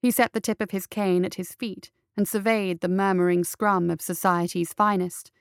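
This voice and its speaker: Brief: woman narrator, gravelly low timbre, measured storytelling. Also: fairly even intonation, dry recording, studio quality. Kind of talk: audiobook narration.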